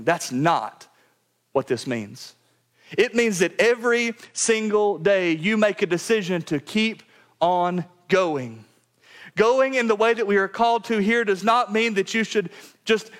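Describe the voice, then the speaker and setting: Earnest male preacher, higher-pitched voice. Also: normal speed. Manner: earnest preaching, drops to a low quiet voice for emphasis. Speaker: pastor. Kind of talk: sermon. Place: church sanctuary.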